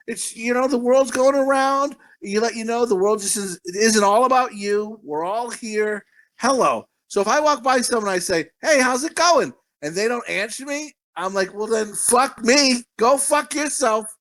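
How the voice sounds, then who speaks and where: A man's voice: high-pitched, a bit bright. A man co-hosting a podcast, ranting bluntly and swearing constantly in casual chat. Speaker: podcast co-host.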